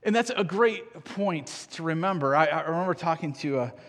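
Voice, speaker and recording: A man's voice: on the high side, expressive, normal speed, fairly bright tone, long reverb tail. A man preaching a sermon as pastor, conversational and earnest, often checking in with "right?" and restarting his phrases.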